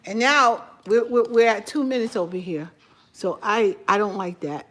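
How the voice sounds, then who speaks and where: A woman's voice: mid-range voice, normal speed, fairly bright tone. A woman from New York with a New York accent, chatting casually while she cooks for her channel. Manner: chatty, talks while cooking. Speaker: cooking channel host. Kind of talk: casual cooking vlog chat.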